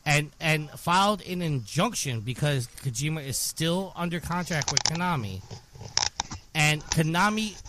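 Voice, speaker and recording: A man's voice: on the high side, fairly bright tone, a little hiss or hum. A man on a podcast delivering a furious, profane rant with heavy emphasis. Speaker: podcast co-host.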